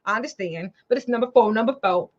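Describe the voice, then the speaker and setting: Chatty high-pitched lady hosting a live stream, keeps repeating stuff, kinda muffled lo-fi sound. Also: quick pace. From Chicago, USA. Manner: animated, chatty, repeats phrases. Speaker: show host and financial coach. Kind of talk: casual livestream talk.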